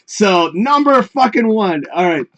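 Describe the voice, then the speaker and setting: High-pitched and very animated but unhurried, this man's voice comes through with the highs cut off. He's hosting a livestream, chatting profanely, laughing a lot, and reading out viewer comments with joking advice.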